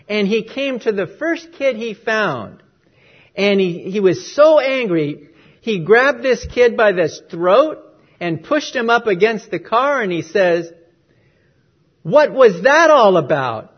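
A male preacher giving a sermon, telling a story and swinging between loud stresses and hushed lines. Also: high-pitched, lo-fi sound.

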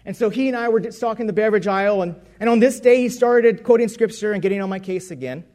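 High-voiced man preaching a testimony. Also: fast talker, darkish tone. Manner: conversational storytelling with self-corrections. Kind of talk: personal testimony sermon.

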